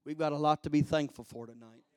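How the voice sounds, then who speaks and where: A man with a high, smooth voice preaches a sermon on a dry, close recording. He drops to hushed asides, then climbs into shouted preaching full of hallelujahs. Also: steady tone, fast talker, no room sound. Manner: exclaims hallelujah and glory often.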